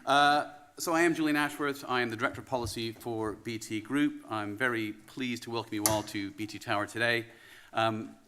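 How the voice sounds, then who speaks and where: A man with a Canadian accent giving a relaxed, wry welcome speech as conference host, with frequent "um" fillers. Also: medium pitch, moderate pace, slight background noise. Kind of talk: welcome address. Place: conference venue in a tower.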